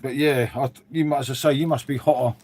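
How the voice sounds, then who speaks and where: Middle-aged bloke, casual stream host, chatty and rambling, keeps saying mate. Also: male voice, medium pitch, steady tone, fast talker, a little mellow. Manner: chatty, rambling, says "mate" a lot, reads and answers viewers. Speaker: livestream host. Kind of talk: casual live-stream chat. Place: dim room at home.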